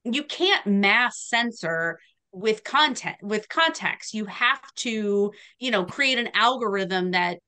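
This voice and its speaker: A woman's voice: medium pitch, animated, takes it slowly, sharp tone, clean tone. A woman guest in casual podcast chat, earnestly explaining her point at length.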